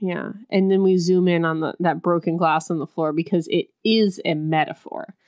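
A woman co-hosting a casual chat, animated and acting out movie lines in exaggerated voices. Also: on the low side, normal speed, clean tone.

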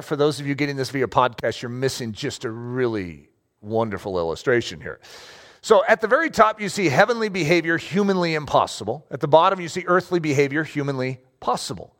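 A man preaching a sermon to a congregation, emphatic and animated, asking rhetorical questions and drawing out key words. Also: fairly high pitch, fairly quick. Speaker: pastor.

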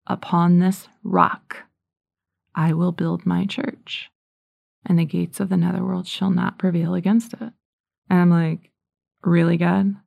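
A woman's voice: fairly low pitch, gravelly, dark tone, no echo, clean studio sound. A woman giving an earnest Catholic reflection on offering up suffering, sometimes dropping to a whisper. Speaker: Catholic speaker. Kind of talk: spiritual reflection.

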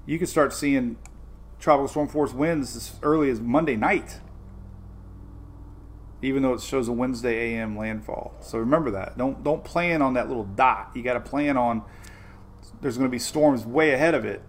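Guy doing a laid-back weather livestream, talks straight to folks watching, kinda rambly and repeats stuff, average pitch. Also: normal speed. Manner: chatty and informal, repeats himself; talks directly to viewers. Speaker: weather show host. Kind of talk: casual live weather update.

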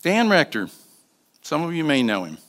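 Guest preacher, man in his sixties, storytelling sermon, animated and varied delivery. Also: a little high, moderate pace. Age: 60s. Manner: storytelling, shifting between soft asides and emphatic bursts. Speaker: guest speaker.

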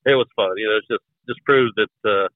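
A man's voice: fairly low pitch, a little fast, dry recording. A man from West Virginia with an Appalachian accent, chatting casually as a guest and telling rambling, folksy stories. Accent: Appalachian American. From West Virginia, USA. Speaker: podcast guest. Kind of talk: casual chat. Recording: tinny phone-like line.

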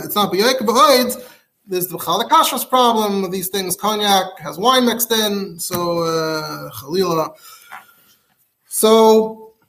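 A man teaching a rabbinic law class, reading Hebrew sources aloud and explaining them in quick, animated English. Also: high voice. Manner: fast and animated, mixing English with Hebrew text. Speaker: rabbi giving a Talmud class. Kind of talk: Torah class lecture.

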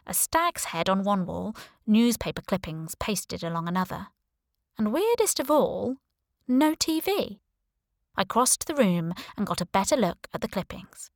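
A woman narrating a first-person audiobook in a wry, sardonic, lively way. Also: medium pitch, dry recording, studio quality.

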